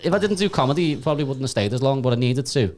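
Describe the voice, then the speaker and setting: Fast-talking man, sweary and laughing. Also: mid-range voice, animated, darkish tone. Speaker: podcast guest comedian. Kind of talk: casual chat.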